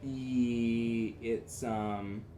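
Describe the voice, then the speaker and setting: A man's voice: mid-range voice, fairly even intonation, extremely slow, a crowd in the background. A man in his twenties, a composition student, talking casually and thinking aloud in a lesson. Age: 20s. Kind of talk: private lesson discussion. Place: university music lesson room.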